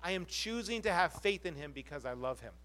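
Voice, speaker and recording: A man's voice: a little high, expressive, fairly quick, bright, forceful tone. A man preaching to his congregation as pastor, earnest and full of rhetorical questions. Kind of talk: sermon.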